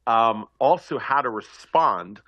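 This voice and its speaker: A man speaking as a guest commentator on a talk show, animated and thinking aloud, often repeating words. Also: medium pitch, takes it slowly, no room sound, dull audio. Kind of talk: casual political talk show chat.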